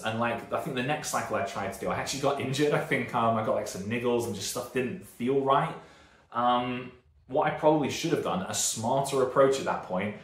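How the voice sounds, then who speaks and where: A man's voice: medium pitch, reverberant. A British man in his thirties, a strength coach, giving a casual and rambling video lesson full of tangents and self-corrections. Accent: British, northern English. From Britain.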